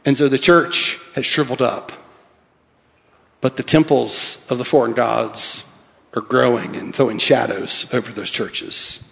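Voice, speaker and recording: A man's voice: mid-range voice, steady tone, unhurried, vocal fry. Man preaching in a reverberant hall. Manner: reads scripture aloud, wide swings from soft to emphatic. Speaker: pastor. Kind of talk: sermon.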